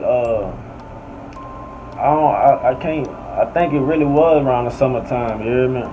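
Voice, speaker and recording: A man's voice: medium pitch, a little mellow. A man with a New Orleans accent telling a story casually, full of slang and constantly asking "you hear me". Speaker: podcast storyteller. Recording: slightly dull audio with faint air conditioning hum.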